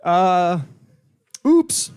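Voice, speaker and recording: A man's voice: high voice, very animated, very slow, darkish tone, clean tone. A young man doing open mic stand-up comedy on a club stage, rambling and crude, with constant filler words. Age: young adult. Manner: rambling, crude, heavy "you know" fillers; puts on voices for joke characters.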